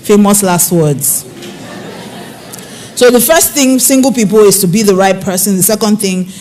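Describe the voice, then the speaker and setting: A woman counselor giving a preaching-style talk on marriage, telling stories with lively swings in her voice. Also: moderate pace, slight background noise. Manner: expressive storyteller, swings pitch and acts out quoted people. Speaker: infidelity recovery counselor speaking on marriage.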